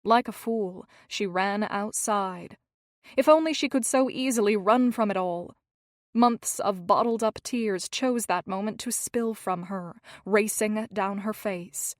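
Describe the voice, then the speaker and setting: A woman narrating a historical romance audiobook in a measured, expressive reading. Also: mid-range voice, no echo, clean studio sound. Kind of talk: scripted narration.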